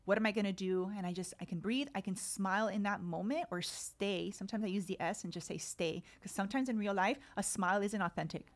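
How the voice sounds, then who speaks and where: Woman in her 30s chatting on a podcast, expressive, talks through her inner voice. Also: medium pitch, a little fast, few pauses. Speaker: kindness coach and podcast guest. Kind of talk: casual interview storytelling.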